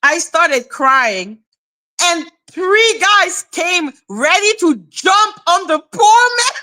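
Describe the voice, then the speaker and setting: A woman with a high, bright, clear voice talks to her livestream viewers in unhurried, animated casual chat. She keeps checking in with them, laughs often and drops casual swear words. Her delivery is easygoing and expressive. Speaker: livestream host.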